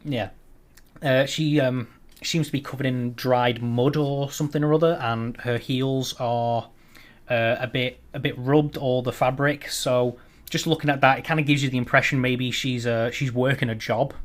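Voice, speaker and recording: A man's voice: medium pitch, fairly even intonation, normal speed. A man narrating a tabletop game as dungeon master, rambling with frequent ums and restarts.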